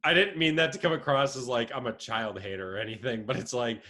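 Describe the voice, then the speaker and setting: A man's voice: medium pitch, fast talker. A young man co-hosting a podcast, chatting casually and telling stories with frequent laughter. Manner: laughs often, animated storytelling. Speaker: podcast co-host. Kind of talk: casual chat.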